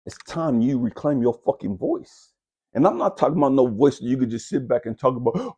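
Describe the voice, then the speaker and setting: A spiritual coach tears into his listeners in a fierce, profane motivational monologue. His voice is raspy, his pitch swings widely, and he scolds like a preacher. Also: lively intonation, a little fast, mellow, dull audio.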